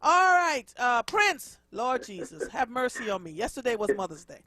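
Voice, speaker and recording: A woman's voice: a little high, sing-song, moderate pace, pushed and bright, no room sound, studio quality. A woman hosting a live call-in radio talk show, emphatic and exasperated, often calling out to Jesus.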